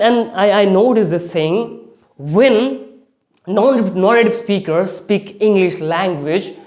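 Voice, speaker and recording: A man giving a spoken English lesson, often restarting phrases and leaning hard on key words. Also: high-pitched. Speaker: English speaking teacher.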